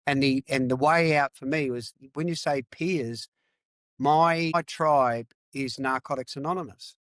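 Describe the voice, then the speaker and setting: Middle-aged man from Australia, candid and emphatic podcast guest, mid-pitched, dry recording. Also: unhurried, fairly bright tone, no room sound. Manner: emphatic, repeats phrases, swears. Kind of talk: candid interview talk.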